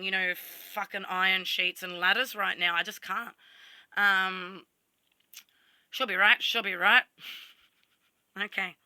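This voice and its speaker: Bright-voiced Australian woman telling stories. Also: medium pitch, smooth, no room sound. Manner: blunt, swears freely, quotes herself. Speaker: vlogger. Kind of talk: casual storytelling vlog.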